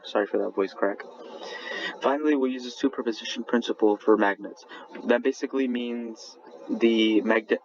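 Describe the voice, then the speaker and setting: A young man with a fairly low voice presents his lab slides in a halting way, stopping to restart words and fix his numbers. The recording is dull and lo-fi, with a faint hiss of background noise behind him. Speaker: student presenting a lab report.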